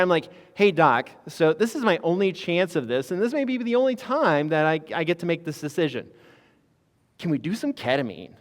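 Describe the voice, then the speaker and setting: A physician assistant appearing as a guest tells a story candidly and casually, using fillers and the odd curse. His voice sits a little high for a man and rises and falls lively. A long reverb tail trails the sound.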